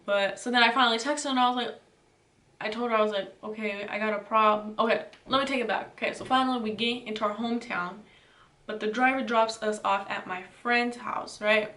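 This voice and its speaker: A woman's voice: fairly high pitch, fairly even intonation, fairly quick, pushed and bright, far from the mic. A young woman casually telling a storytime, talking loosely with lots of filler words. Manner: chatty, filler-heavy retelling with lots of "like" and "you know". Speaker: vlogger. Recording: roomy echo, voice away from the mic.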